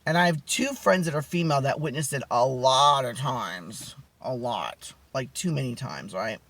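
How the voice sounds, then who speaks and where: A man vlogging, telling a personal story casually with many fillers, restarts and dramatic pitch swings. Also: animated, moderate pace, fairly bright tone, dry recording.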